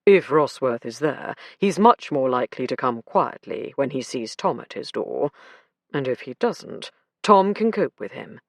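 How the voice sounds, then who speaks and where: A woman voicing a calm, dry male chief inspector in an audiobook. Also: rumbling low, measured pace, no echo, voice pushed down, full character voice.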